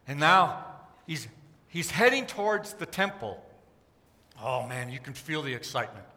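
A pastor telling a story in a sermon, animated and acting out the crowd's cries. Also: male voice, medium pitch, unhurried. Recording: long hall reverb.

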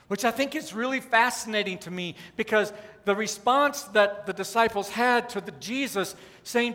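A man preaching a sermon in a conversational way, with wry asides and dramatic pauses, in what sounds like a church sanctuary. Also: sits high, bright, forceful tone, in a large hall. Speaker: pastor.

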